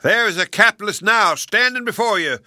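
A man voicing a pompous, ranting male scarecrow who makes speeches, pitched high and loud. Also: lively intonation, moderate pace, no echo, clean studio sound. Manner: shouting, high and forceful.

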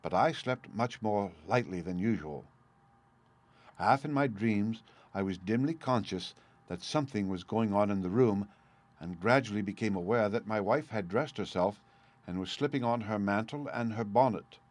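A man reading a first-person story aloud at a measured, steady pace. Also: on the low side. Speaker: audiobook reader.

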